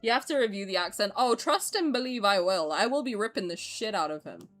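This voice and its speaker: A woman's voice: medium pitch, animated, brisk, fairly bright tone, soft background music. A young woman streamer chatting casually while playing, sarcastic and swearing freely. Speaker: game streamer. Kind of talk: casual gameplay commentary.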